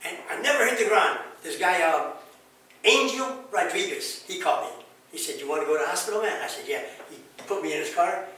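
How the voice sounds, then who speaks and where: An older man, a pastor, telling his life testimony in an animated way, acting out the dialogue and sound effects, recorded far off in an echoey room. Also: sits high, brisk. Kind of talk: personal testimony storytelling.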